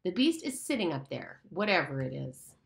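A woman's voice: sits low, sing-song, moderate pace, gravelly, reverberant, full character voice. A woman voicing a proud, hot-tempered boy who leads the hunters, bossy and defiant in an audiobook reading.

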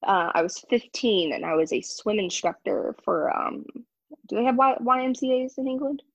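A woman's voice: a little high, expressive, normal speed, no echo, low-quality recording. A young woman telling her story as an interview guest, candid and emphatic. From United States. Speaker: guest, ex-member of a church. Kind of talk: casual interview talk.

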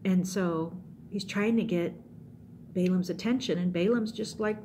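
A middle-aged woman giving an animated youth sermon, telling stories and acting them out. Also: on the low side, a little slow, slight background noise. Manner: animated, acts out scenes with voices. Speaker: youth pastor.

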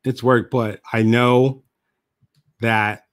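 A man talking casually to camera as a motivational speaker and host. He is relaxed, repeats phrases for emphasis and laughs at himself. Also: medium pitch, drawn-out words, dry recording, studio quality. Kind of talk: casual reflective monologue to camera.

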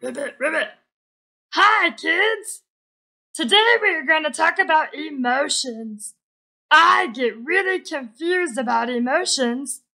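Frog puppet: high, bright, gravelly, slow and eager, voiced by a woman. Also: lively intonation, full character voice. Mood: eager, friendly. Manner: eager, chatty, asks kids for help. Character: friendly, curious frog puppet who croaks. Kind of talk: children's puppet show.

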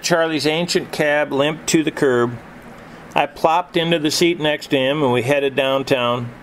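A man narrating a story in a reflective, measured storytelling manner. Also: mid-range voice, a little hiss or hum, poor audio. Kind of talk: storytelling reading.

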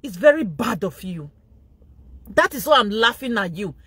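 A woman with a Nigerian accent hosting a gossip commentary vlog. She mocks loudly and keeps breaking into laughter. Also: medium pitch, very animated, moderate pace, slightly rough, no echo. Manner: mocking, laughs loudly and often. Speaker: vlogger and show host.

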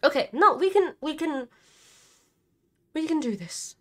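A woman's voice: sits high, animated, a little slow, fairly bright tone. A woman streamer giving live gameplay commentary, nervous and chatty, swearing a lot and talking back at the characters on screen. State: nervous and scared.

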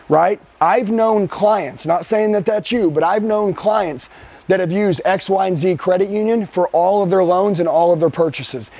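In a live sales training for a team, a man with a high voice coaches with force and keeps hurling rhetorical questions. For emphasis he alternates, hurrying through some lines and stretching out others.

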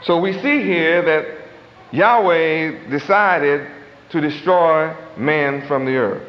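A man preaching a sermon in a dramatic, folksy style, stretching out words for emphasis, with chuckling asides and loose grammar. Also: fairly high pitch. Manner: dramatic, swooping emphasis, slow drawn-out stresses. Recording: echoey hall, muffled old tape.

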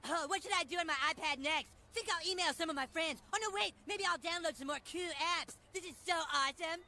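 A man's voice: very high-pitched, fast, sharp tone, exaggerated voice. A man voicing a bratty, bragging cartoon boy of about ten who taunts his friends. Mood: smug. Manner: boastful, taunting, nasal.

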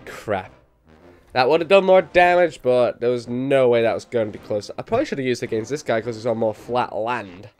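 A man with a Liverpool accent and a slight cold, giving excitable let's play commentary and yelping at his own mistakes. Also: a little fast, faint music behind. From England. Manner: excitable, sudden high yelps at mistakes, self-mocking. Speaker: gamer.

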